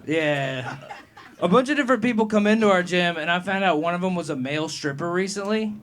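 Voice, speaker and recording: A man's voice: high-pitched, expressive, brisk, slight background noise. A young man doing a profane, rambling stand-up set at an open mic, laughing at his own jokes. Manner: gets loud and heated answering a heckler. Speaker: stand-up comedian. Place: comedy club open mic.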